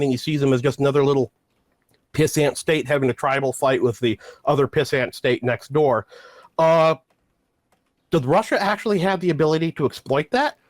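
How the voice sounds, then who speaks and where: A man debating politics in a sardonic, measured way. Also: fairly high pitch, no echo.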